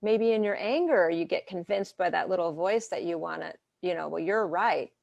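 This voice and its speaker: A woman therapist answering interview questions in a lively way, often acting out clients' quoted lines as she gives examples. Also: lowish voice, fairly quick, creaky, no echo, highs cut off. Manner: animated, talks through examples and quoted dialogue. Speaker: therapist and coach.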